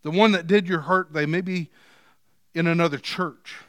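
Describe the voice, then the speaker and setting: A male pastor preaching a sermon, moving from quiet scripture reading to loud, emphatic points. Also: on the high side, steady tone, moderate pace, dry recording. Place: church.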